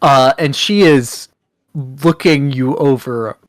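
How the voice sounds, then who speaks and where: A man's voice: medium pitch, slow, dry recording, clean studio sound. Casual man running a tabletop game. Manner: casual, self-correcting narration. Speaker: game master.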